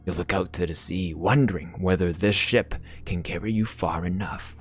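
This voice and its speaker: A man narrating a game's story text aloud in a measured, brooding delivery as a let's-play host. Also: low-pitched, breathy edge, soft background music. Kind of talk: slow dramatic narration of game text.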